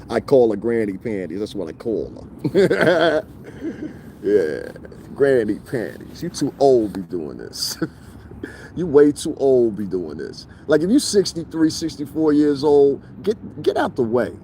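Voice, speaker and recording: Outdoors next to a street, a man streams a sneering, confrontational rant to his audience, breaking into laughter often. His medium-pitched voice is warm and a little slow, with big pitch swings and a slight hiss or hum.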